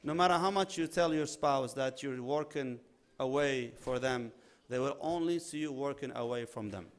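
A man preaching a sermon, animated, acting out little dialogues and mixing in Arabic religious phrases. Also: medium pitch, moderate pace. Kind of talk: sermon on marriage.

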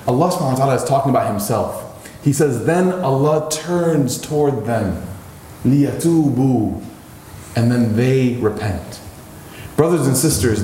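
A man preaching a sermon, telling a story with animation and his voice climbing high when he acts out pleading lines. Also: darkish tone, roomy sound, slight background noise.

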